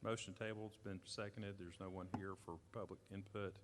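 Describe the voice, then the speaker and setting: A man chairing a public board meeting, running through motions and votes in brisk, routine procedural phrasing. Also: deep voice, steady tone, slight background noise. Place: community center gym.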